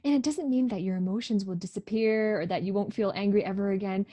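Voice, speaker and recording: A woman's voice: medium pitch, quick pace, warm tone, dry recording. A woman who is a career educator, a podcast guest, speaking emphatically in a coaching tone and repeating key phrases. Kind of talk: conversational podcast interview.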